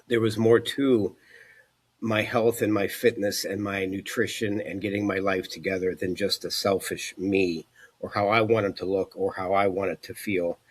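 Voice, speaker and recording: Low husky man telling his story. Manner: earnest, reflective, many "you know" fillers. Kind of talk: personal testimony.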